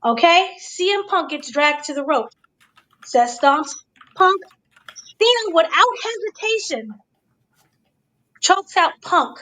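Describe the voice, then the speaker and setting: A woman hosting a casual review chat, giving an excited blow-by-blow recap and checking in with her listeners. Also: very high-pitched, slow pace, pauses often, low-quality recording. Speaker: podcast host.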